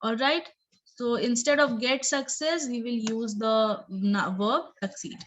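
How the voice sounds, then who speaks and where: A woman's voice: a little high, a little slow, rough recording. A woman teacher explaining English grammar in a recorded lesson, repeating and rephrasing points and checking in with "okay" and "right".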